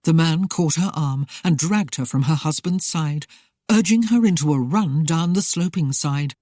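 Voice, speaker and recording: An audiobook narrator reading a historical romance in a steady, even way. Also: medium pitch, moderate pace, no echo, studio quality.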